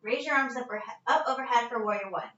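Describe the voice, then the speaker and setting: A woman's voice: on the high side, fairly quick, sharp tone, echoey room, recorded from a distance, lo-fi sound. Breathless woman leading yoga at home. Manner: casual, chatty, breaks into laughs. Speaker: yoga instructor. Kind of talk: live-streamed yoga class instruction. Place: her living room at home. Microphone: phone set at a distance.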